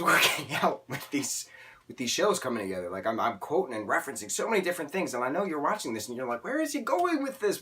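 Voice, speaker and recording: A man's voice: medium pitch, a bit bright, a little hiss or hum. A man reviewing a TV season in a casual vlog, rambling through tangents and filler words, openly emotional. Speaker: TV show reviewer.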